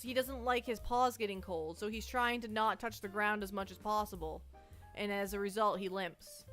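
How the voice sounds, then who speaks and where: A nervous female streamer chats casually on a live stream, her voice fairly high and fairly bright. She rambles, interrupts herself, and keeps restarting sentences, sounding anxious and shaky.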